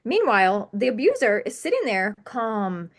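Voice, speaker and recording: A woman's voice: medium pitch, very animated, moderate pace. Earnest woman speaking emphatically as a guest. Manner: earnest and emphatic, piling up repetitions. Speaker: podcast guest. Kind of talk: candid interview conversation.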